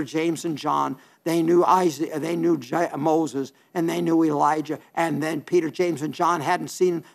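Older male radio preacher, fairly high voice, earnest and repetitive delivery. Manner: earnest, repetitive storytelling with restarts. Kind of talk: radio sermon.

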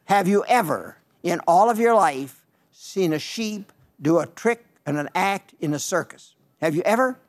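A man's voice: sits high, lively intonation, a little slow. An older man preaching on the radio, answering listener letters as folksy, emphatic stories with repeated phrases.

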